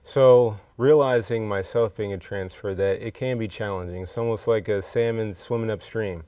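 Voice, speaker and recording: A young man being interviewed on a talk show about student affairs, answering in a halting, relaxed way with fillers, on a dull, slightly lo-fi recording. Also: on the low side, smooth, no room sound. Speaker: student affairs staff guest. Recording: dull, slightly lo-fi, dry sound.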